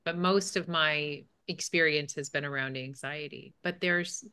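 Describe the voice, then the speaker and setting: A woman hosting an interview conversation, asking gentle, hesitant questions with restarts. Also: low-pitched, steady tone, measured pace, clean tone. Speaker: host.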